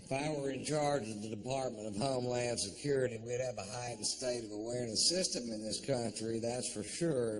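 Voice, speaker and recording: Guy doing standup, slow profane drawl, crowd noise in the live show behind him. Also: mid-range voice. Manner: drawling, profane, rising to shouted punchlines. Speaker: stand-up comedian. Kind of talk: stand-up comedy routine. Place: theater stage before a live audience.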